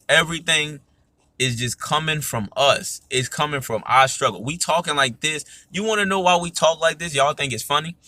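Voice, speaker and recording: An emphatic man talks through a casual podcast monologue. His voice is bright and forceful, sits at a medium pitch, and is recorded close and dry. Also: no echo. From United States. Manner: emphatic, repeats "you know what I'm saying". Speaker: podcast host.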